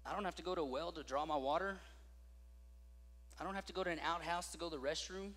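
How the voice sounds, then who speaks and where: A man delivers a sermon with a high, bright voice. He tells stories in an animated way, acting out the voices of the people in them. His voice rings with a long reverb, as in a large hall. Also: fast. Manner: animated storytelling with acted-out voices. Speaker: pastor.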